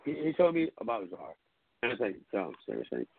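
A man hosting a call-in tribute show, telling stories in a casual, animated way, swearing often and acting out his friends' lines. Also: mid-range voice, quick pace, husky. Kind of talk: casual storytelling chat. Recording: phone-line audio with hiss.

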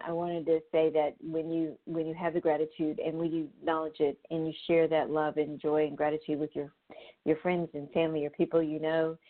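A woman hosting a show, talking casually in a rambling way with lots of fillers and restarts. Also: sits low. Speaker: show host. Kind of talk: casual spoken monologue. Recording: tinny phone-line sound.

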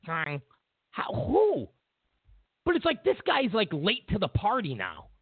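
A man's voice: high voice, wildly swooping pitch, a little slow, breathy edge, no room sound. A man hosting a political commentary show, ranting in an incredulous way and repeating himself as he builds his points. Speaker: host. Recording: tinny phone-like dry sound.

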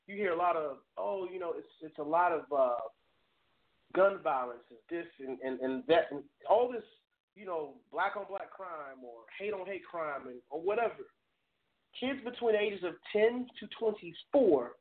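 A man hosting a live call-in talk show, speaking earnestly, stammering and laughing at himself. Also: fairly high pitch. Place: home studio. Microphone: webcam streamed live. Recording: tinny phone-like audio.

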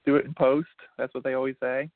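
A podcast host runs a casual sports talk show, joking around and poking fun at himself. His mid-range voice is flat and quick, and the recording is dry and tinny, like a phone line.

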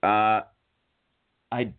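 Playful radio host, tinny line. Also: male voice, fairly low pitch, fairly even intonation, drawn-out words, clean tone. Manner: playful, teasing, reads aloud. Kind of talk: casual radio banter. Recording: tinny phone-like sound.

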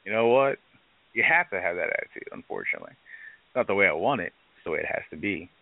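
This bar owner talks fast in a low voice with vocal fry, giving blunt, profane answers in a live-show interview and acting out other people's words mid-story. The audio is dry, like it came over a phone line.

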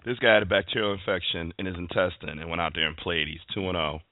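A man's voice: low-pitched, fairly even intonation, quick pace, dry recording. A man hosting a sports talk show, ranting emphatically about football. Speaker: show host. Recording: dry phone-like line.

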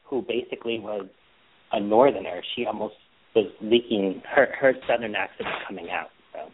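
A man's voice: fairly low pitch, normal speed, background noise. A man co-hosting a podcast, chatting casually in a sassy, playful, teasing way. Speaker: podcast co-host. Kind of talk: casual gossipy chat. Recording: tinny phone-like line.

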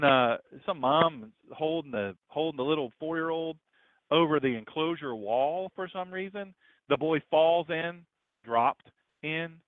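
A man preaching a sermon in a conversational style, asking rhetorical questions and swinging between loud and hushed lines. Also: on the high side, dry recording. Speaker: pastor. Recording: tinny, phone-like dry recording.

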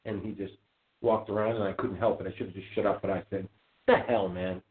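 A man hosting a casual call-in show, telling stories in an animated, indignant rant. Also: low-pitched, fairly quick. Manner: animated ranting storyteller, gets loud and indignant. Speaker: podcast host. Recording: tinny phone-like audio.

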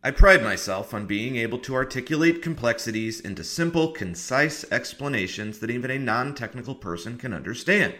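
Bright, lively man reading a mock ad. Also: medium pitch, a little fast, few pauses. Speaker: host. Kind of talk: mock advertisement read.

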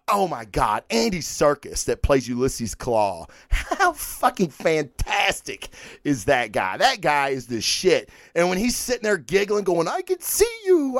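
Brash, profane man with a smooth voice. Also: on the high side, no room sound, clean studio sound. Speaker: podcast host. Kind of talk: casual comic book commentary. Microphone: studio microphone.

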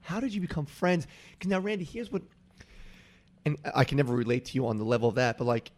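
A man's voice: medium pitch, very animated, quick pace, a little mellow. Guy hosting a podcast, eager and chatty, lots of questions. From Long Island. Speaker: podcast host. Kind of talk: casual interview.

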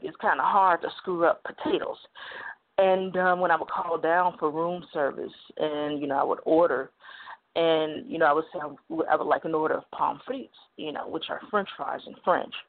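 A woman's voice: deep voice, moderate pace. Midwest-raised woman hosting a call-in talk show; rambling, filler-heavy storyteller; thin phone-quality audio. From Midwest United States. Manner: chatty, digressive, many "you know" fillers. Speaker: talk radio host. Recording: phone-like narrow band.

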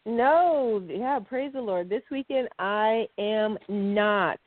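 A woman's voice: mid-range voice, slow, dry recording. A woman co-hosting a podcast in a chatty, rambling way, laughing often. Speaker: podcast co-host. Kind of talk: casual chat. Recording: dry, phone-like sound.

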